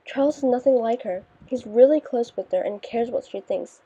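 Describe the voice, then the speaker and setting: A woman voicing a kind, shy teenage girl in an audiobook, gentle in manner. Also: a little high, normal speed, husky. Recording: dull lo-fi recording.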